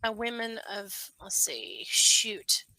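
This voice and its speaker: A woman's voice: mid-range voice, big pitch swings, takes it slowly, bright, forceful tone, dry recording, rough recording. A woman co-hosting a casual live stream, teasing and amused.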